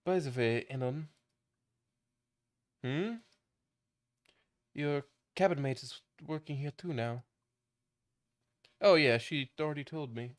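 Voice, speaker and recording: A man's voice: medium pitch, slow, long pauses. A man streaming a story game, chatting casually with profane jokes and stammering restarts while reading the game's text aloud.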